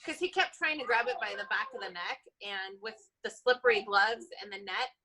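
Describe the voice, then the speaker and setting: A woman, an animal control officer, telling an animated story in a casual interview and laughing often. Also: mid-range voice, a little fast, low-quality recording.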